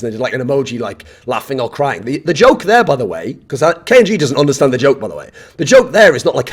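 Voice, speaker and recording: Man, esports commentator, profane monologue, slightly high and husky. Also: very animated, quick pace, few pauses. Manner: blunt, profane and emphatic. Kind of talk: opinion rant monologue.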